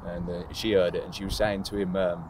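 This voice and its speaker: A man in his thirties with a very low, deep voice looks back on his playing days. He talks in a relaxed, rambling way, full of fillers and easy laughs, with a faint hiss of noise under the recording. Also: brisk. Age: 30s. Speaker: footballer being interviewed. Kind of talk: casual interview recollection.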